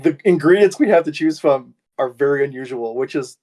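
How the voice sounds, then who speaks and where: A man co-hosting a casual podcast chat, amused and quick to laugh and react. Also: on the high side, expressive, a little mellow. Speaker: podcast co-host.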